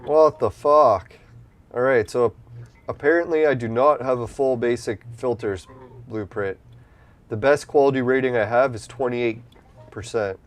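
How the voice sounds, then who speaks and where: A gameplay streamer with a mid-range voice and moderate pace comments casually while playing an online game. He's easygoing and rambling, swears freely, and has a slightly stuffy nose from allergies.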